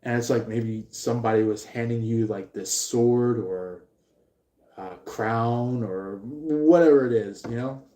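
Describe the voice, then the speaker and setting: A man giving a live tarot reading, rambling and halting with many fillers. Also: medium pitch, mellow. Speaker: tarot reader. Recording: roomy echo.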